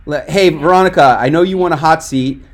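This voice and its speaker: With a slightly high voice and a somewhat quick pace, a man delivers webinar coaching feedback on a video call. He speaks directly and emphatically while encouraging the speaker.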